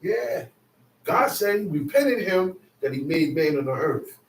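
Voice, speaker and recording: A man preaching a sermon in a casual, conversational way, now and then rising to shouts for emphasis. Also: a little high, sing-song, unhurried, creaky. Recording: roomy, mic at a distance.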